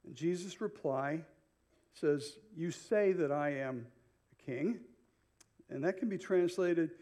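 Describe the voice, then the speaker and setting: A man's voice: a little high, mellow. A male pastor preaching an expository sermon, paraphrasing the people in the passage as he goes. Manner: unhurried expository preaching, paraphrasing Bible characters.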